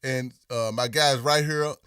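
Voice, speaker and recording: A man's voice: medium pitch, steady tone, a little slow, sharp tone, clear, resonant tone, dry recording, studio quality, far from the mic. A middle-aged man with a Memphis accent, hosting a casual livestream and reading viewer comments in a drawling, laid-back way, his voice a little worn from performing. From Memphis, Tennessee. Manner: laid-back, drawling, lots of "you know what I'm saying". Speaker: livestream host.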